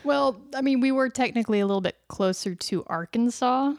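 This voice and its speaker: A woman's voice: a little high, fairly quick, gravelly, no room sound. A woman from Missouri with a slight Missouri accent, a podcast guest chatting casually with dry, wry humor.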